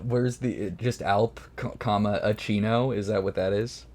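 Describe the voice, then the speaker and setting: A man's voice: fairly low pitch, steady tone, a little slow, a little mellow. A man co-hosting a podcast in casual comedic chat, riffing goofy puns. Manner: goofy, pun-driven riffing. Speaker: podcast co-host.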